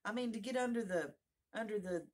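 A woman's voice: mid-range voice, a little fast, a little mellow, pitched above the performer's own voice, close to an everyday voice. A woman voicing Alice, a curious young girl who rambles and muses aloud to herself, in a storybook reading. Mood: musing.

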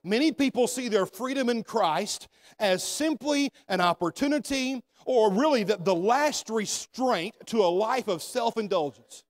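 High-voiced man preaching a sermon. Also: expressive, unhurried. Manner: preaching with rising emphasis, calls for amens. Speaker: senior pastor. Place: church sanctuary.

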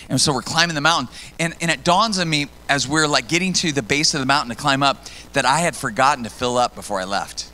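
A middle-aged man preaching a sermon as a pastor, telling stories with animation and acting out his own lines loudly. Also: a little high. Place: church stage.

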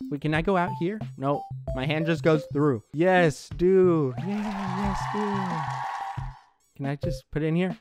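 A man with a somewhat high voice narrates a game as he plays it, talking into a headset. He is excitable and chatty, thinks out loud, and laughs often. Soft music plays faintly underneath. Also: moderate pace, few pauses. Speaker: let's play gamer. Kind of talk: let's play commentary.

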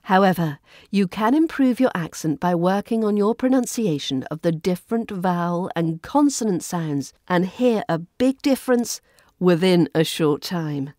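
RP English woman, podcast accent coach, mellow and measured, dry close mic. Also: fairly low pitch, lively intonation, no echo. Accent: Southern English RP. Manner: clear, measured teaching delivery. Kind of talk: scripted podcast lesson.

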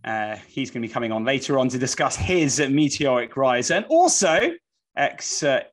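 A man's voice: mid-range voice, big pitch swings, normal speed. A man hosting a sports podcast, presenting and bantering in an upbeat way. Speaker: podcast host.

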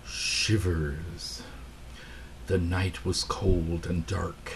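A man narrating a children's storybook at an unhurried pace. His voice has a gravelly, creaky texture, and he reads every line with deliberate care. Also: low-pitched, a little hiss or hum. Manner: slow, deliberate reading aloud. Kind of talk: scripted narration.

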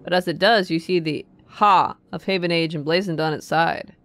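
A woman's voice: on the low side, steady tone, normal speed, a bit bright, slight background noise. A woman streamer playing a story game, reading the narration aloud and musing casually to herself.

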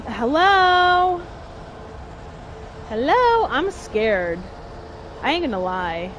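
A woman plays a horror game and chats her way through it, talking to herself and yelping when things go wrong. Her voice is high and swings widely in pitch. She speaks at an unhurried pace. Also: a little hiss or hum. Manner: excitable, yelps and shouts at the game; chatty, talks to herself and the game character. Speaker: gamer playing a horror game. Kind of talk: casual let's-play commentary.

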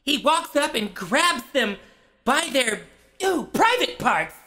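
A man's voice: very high voice, very animated, takes it slowly, sharp tone, exaggerated voice. A man playing a hot-tempered male parody TV host who rants, stammers and gets flustered. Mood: ranting. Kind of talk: comedic parody monologue.

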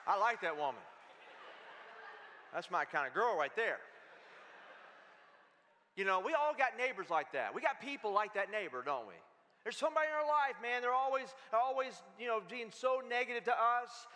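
A man's voice: high voice, lively intonation, normal speed, pauses often, sharp tone. A man pastor preaching a sermon in an emphatic, conversational way, repeating his phrases. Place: church sanctuary. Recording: long church-hall reverb.

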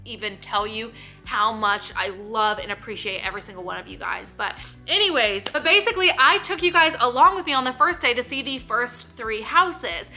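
A woman's voice: fairly high pitch, pushed and bright. A young woman, talking casually to camera, emotional and full of "like". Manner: emotional, choking up and laughing; filler-heavy, repeats "like". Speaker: vlogger.

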